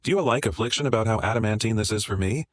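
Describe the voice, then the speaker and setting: A man reading a sharp, defensive fiancée. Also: fairly low pitch, rapid-fire, close to an everyday voice. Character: defensive, manipulative woman, the narrator's fiancée.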